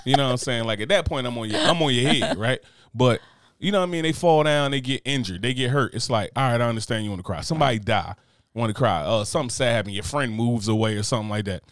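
Fast-talking man in casual chat. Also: medium pitch, no echo, clean studio sound. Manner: animated storytelling, acts out quoted voices.

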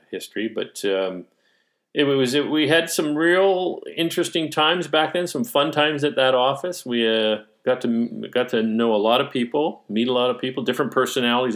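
A man interviewing an old colleague in a relaxed chat, rambling through memories with many restarts and fillers. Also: fairly low pitch, vocal fry. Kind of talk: casual conversation.

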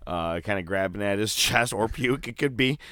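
A man co-hosting a casual podcast, recapping wrestling with animated, mock-dramatic storytelling. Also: on the low side, moderate pace, no echo, clean studio sound. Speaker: podcast co-host.

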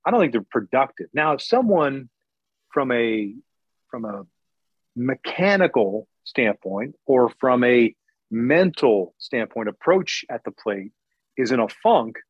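A man's voice: medium pitch, very animated, husky, no room sound. Middle-aged male guest, frank and plain-spoken, stop-start delivery, dull dry lo-fi sound. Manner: candid and blunt, with sarcastic asides; talks in quick bursts with many restarts. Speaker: interview guest, former baseball broadcaster. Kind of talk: casual interview talk. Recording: dry, slightly dull lo-fi recording.

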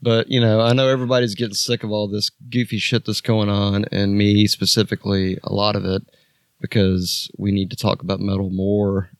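A man's voice: lowish voice, little pitch movement, fairly quick, no echo, studio quality. A man hosting a podcast in a loose, joking way with a lot of swearing. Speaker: podcast host. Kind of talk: casual podcast chat.

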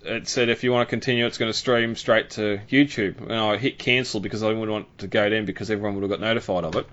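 A man's voice: lowish voice, steady tone, quick pace, a bit bright, lo-fi sound. A man hosting a podcast in casual chat, rambling with lots of fillers and restarts. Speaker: podcast host.

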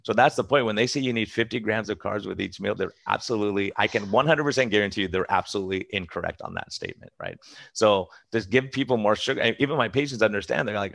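Fast-talking gravelly man, a doctor. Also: lowish voice, very animated, fairly bright tone, no room sound. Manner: fast, emphatic, many restarts and acted-out quotes. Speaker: preventive medicine doctor. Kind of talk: casual interview talk.

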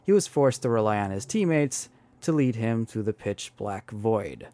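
A man's voice: on the low side, expressive, normal speed, warm tone, no room sound. Man telling a wry dramatic story. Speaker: podcast host. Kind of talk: storytelling narration.

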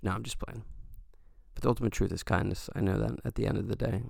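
A man's voice: fairly low pitch, steady tone, quick pace, creaky, a little mellow, no echo, clean studio sound. A man hosting a solo podcast, talking in a rambling, earnest and joking way with lots of fillers. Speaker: podcast host. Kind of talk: casual solo podcast monologue.

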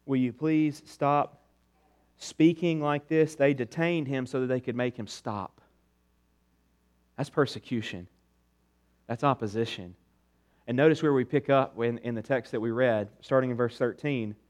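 A man preaching a sermon as pastor, asking rhetorical questions and dropping soft on key words. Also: medium pitch, moderate pace, long pauses.

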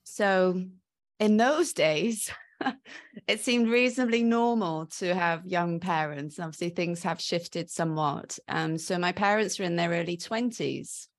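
A woman's voice: lowish voice, a little slow. A woman in her forties with a blended Welsh and Australian accent, telling her life story as an interview guest, reflective and full of ums. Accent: mixed Welsh and Australian. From South Wales. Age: 40s. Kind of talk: casual interview chat.

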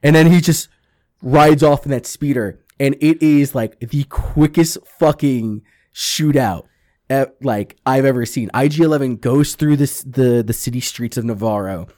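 A man co-hosting a casual podcast chat, recapping an episode in a loose, profane, animated way and tossing in quoted character lines. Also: mid-range voice, a little slow. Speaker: podcast co-host.

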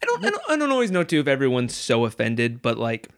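A man's voice: medium pitch, wildly swooping pitch, quick pace, a bit bright, no echo, clean studio sound. A man in casual conversation about comedy, rambling and leaning on "like" and "you know".

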